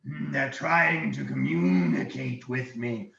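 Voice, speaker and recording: A man doing a slow scheming dragon. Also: medium pitch, big pitch swings, gravelly, a bit bright, reverberant, far from the mic, highs cut off, heavily acted. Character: scheming male dragon mimicking voices.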